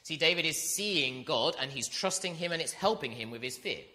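A man's voice: on the high side, expressive, moderate pace, bright, forceful tone. A man preaching an earnest sermon, reading scripture and building to emphatic repetition.

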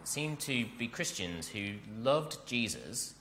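Bright-voiced male preacher in a reverberant church. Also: mid-range voice, slow pace, a little hiss or hum. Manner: animated, addresses the congregation directly. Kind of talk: sermon. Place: church hall.

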